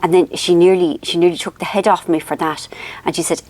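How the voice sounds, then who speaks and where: A woman's voice: lowish voice, fairly quick, a little mellow. A woman in her fifties with an Irish accent, telling a rambling, self-mocking family story for her vlog, full of ums. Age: 50s. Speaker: author and vlogger.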